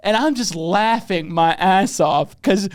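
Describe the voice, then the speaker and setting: A man hosting a podcast, telling a rambling story with lots of swearing and quick impressions of the people in it. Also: high-pitched, clean tone, dry recording, studio quality. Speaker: podcast host. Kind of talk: casual chat.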